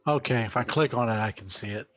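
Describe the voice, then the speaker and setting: A man playing a tabletop game, reading a formal letter aloud at a measured pace. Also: mid-range voice, fairly bright tone. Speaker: player. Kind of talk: tabletop game play over voice chat. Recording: dull lo-fi mic.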